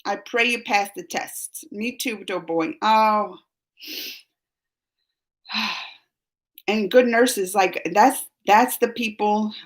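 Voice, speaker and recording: A woman hosting a live stream, chatting casually with her viewers. She is emotional and laughs often, going from giggly to soft and earnest. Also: mid-range voice, slow, pauses often. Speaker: reaction channel host reading live chat.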